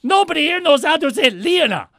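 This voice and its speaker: A woman's voice: high-pitched, very animated, fairly quick, fairly bright tone, no room sound, studio quality, pitched above the performer's own voice, exaggerated voice. Give me a man doing a thick-accented Russian saleswoman, clipped and direct. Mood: helpful. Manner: clipped broken phrasing, direct.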